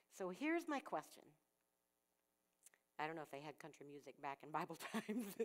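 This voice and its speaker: A woman's voice: mid-range voice, very animated, normal speed, long pauses, a little mellow, low-quality recording. A woman speaking at a women's ministry gathering, giving an earnest devotional talk and repeating key phrases for emphasis.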